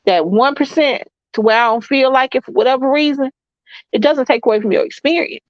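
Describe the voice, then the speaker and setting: A woman's voice: sits high, brisk, dry recording, muffled recording. A woman with a Southern accent co-hosting a casual live stream, talking bluntly and emphatically, often repeating herself. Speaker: co-host.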